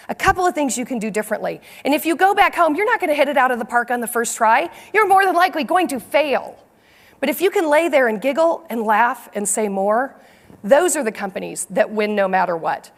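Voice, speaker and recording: Keynote speaker, woman, high voice, animated storyteller, hall reverb. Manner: animated storytelling, lively and expressive. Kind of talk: conference keynote speech. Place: large conference hall.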